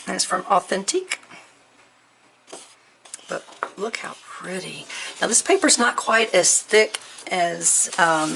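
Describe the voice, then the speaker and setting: A woman chatting through an unboxing, gushing softly and at times dropping to a near whisper. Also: lowish voice, vocal fry, a little hiss or hum. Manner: gushing, soft-spoken, often near a whisper. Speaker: crafting vlogger. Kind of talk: unboxing chat.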